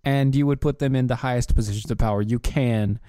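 A man co-hosting a casual commentary show, sarcastic and quick to interject, at times reading lists aloud. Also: medium pitch, fairly even intonation, warm tone, no echo. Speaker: podcast co-host.

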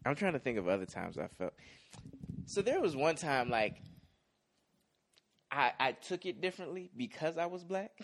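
A young man co-hosting a casual podcast, talking in a relaxed, easygoing way with many fillers. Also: fairly high pitch, moderate pace, long pauses. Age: young adult. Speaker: podcast co-host. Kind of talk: casual chat recapping a TV episode.

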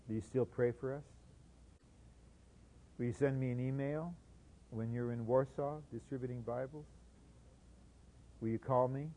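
A man preaching a sermon, swinging between soft asides and loud, emphatic bursts. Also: medium pitch, poor audio.

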